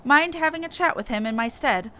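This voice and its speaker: A woman's voice: sits high, lively intonation, fairly quick, bright, forceful tone. A woman voicing a haughty, fussy female scholar in a video game, with formal, archaic phrasing, reading the dialogue aloud. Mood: sniffy.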